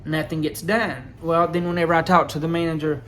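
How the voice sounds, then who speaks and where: A man recounting his experience in a rambling, aggrieved way, halting with fillers. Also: a little high, steady tone, noisy background. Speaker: vlogger. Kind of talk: casual personal storytelling.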